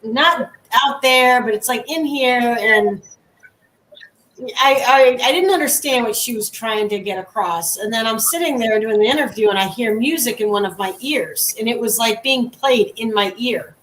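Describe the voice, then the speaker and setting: A woman's voice: fairly high pitch, moderate pace, fairly bright tone. A woman who is a guest paranormal investigator, telling stories casually and laughing along the way. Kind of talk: casual storytelling. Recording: roomy and distant from mic.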